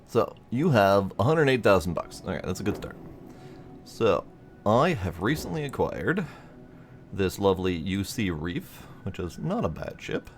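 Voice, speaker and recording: Male let's-play host: low voice, loose and playful, thinks out loud. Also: big pitch swings, unhurried, a little hiss or hum. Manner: playful, rambling, thinks aloud with fillers. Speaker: gaming video host. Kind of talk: casual let's-play commentary.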